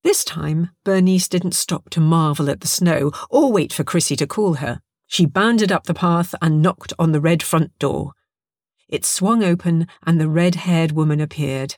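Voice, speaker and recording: A woman narrating a humorous story in a wry, even storytelling manner. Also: deep voice, unhurried, no echo, studio quality.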